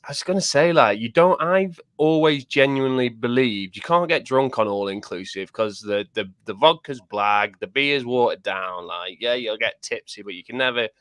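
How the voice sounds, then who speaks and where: A man's voice: medium pitch, normal speed, hardly any pauses, a bit bright, clear, resonant tone, no room sound. Podcast co-host, man, rowdy laughing storyteller, dry close mic. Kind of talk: casual chat.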